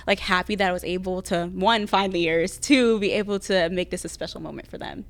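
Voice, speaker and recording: A young woman who works in a theme park store, telling an animated story in a casual interview. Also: fairly low pitch, brisk. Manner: animated anecdote with acted quotes.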